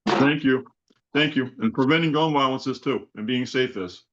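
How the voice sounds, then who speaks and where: A man's voice: mid-range voice, normal speed, fairly bright tone. Guy on a video call doing a fired-up spoken poem, lots of "how many" questions, kinda muffled audio. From South Florida. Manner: repetitive rhetorical questions, preacher-like build. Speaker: event host.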